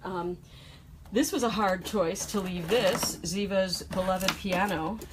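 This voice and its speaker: A woman's voice: medium pitch, fairly even intonation, slow pace, heavy background noise. A woman chatting casually as she films a walkthrough of the boat she lives on, talking emotionally and rambling with many fillers into a handheld phone. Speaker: vlogger showing her home. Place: indoors on a moored boat.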